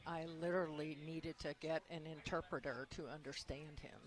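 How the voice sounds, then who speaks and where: A woman's voice: low-pitched, fairly even intonation, moderate pace. Chatty Midwestern woman caller. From Ohio. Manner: chatty, reads a question aloud. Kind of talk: casual radio chat.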